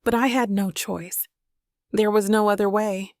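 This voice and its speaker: A woman's voice: medium pitch, fairly even intonation, unhurried, darkish tone, no echo, studio quality, natural voice. A woman reading the lines of a remorseful adult sister, shaky and pleading as she apologizes.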